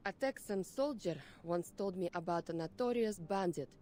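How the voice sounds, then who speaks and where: An actress voicing a steady, watchful young woman companion in a story game, speaking in a calm, measured way. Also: on the low side, a little hiss or hum, close to an everyday voice. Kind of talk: game character dialogue.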